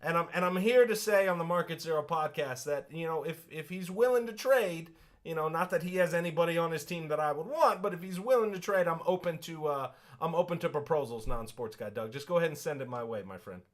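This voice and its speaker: A man's voice: a little high, fast talker. Playful, storytelling male podcast co-host. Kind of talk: casual sports podcast chat.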